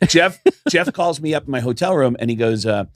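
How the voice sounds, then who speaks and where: A man co-hosting a comedy podcast, telling stories in an animated way and jumping up in pitch when he acts out quotes. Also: fairly quick, no room sound, studio quality. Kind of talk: casual podcast storytelling.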